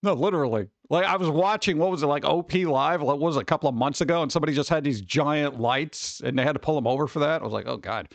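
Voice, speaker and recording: A man hosting a casual livestream in a jokey, excitable way, breaking into sudden exclamations as he chats with viewers. His voice sits fairly high, and the recording is dry and close. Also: quick pace, few pauses, no echo. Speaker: livestream host.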